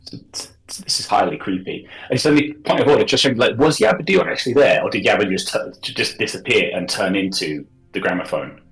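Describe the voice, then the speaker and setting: Very deep-voiced man in a roomy space. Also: expressive, fairly bright tone, faint music behind. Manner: thoughtful, halting questions. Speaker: player. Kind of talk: casual tabletop play.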